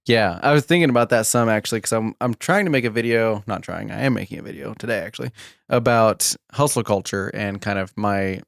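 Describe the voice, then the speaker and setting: A young man from the United States, co-hosting a podcast in a relaxed, casual way. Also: lowish voice, a little fast, creaky, no echo, studio quality. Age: young adult. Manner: relaxed, brief backchannels, laughs along. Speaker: podcast co-host.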